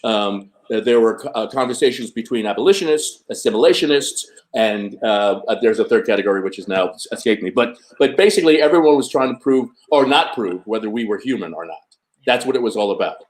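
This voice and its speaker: A man in his seventies in casual panel conversation, thoughtful and measured with hesitant fillers. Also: lowish voice, animated. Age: 70s. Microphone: video call.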